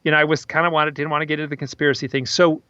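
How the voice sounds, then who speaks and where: A man's voice: a little high, level tone, very fast, pushed and bright, smooth, no echo, muffled recording. A man, an author guest in an interview, telling stories in a rambling way with many restarts and repeated words. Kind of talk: interview storytelling.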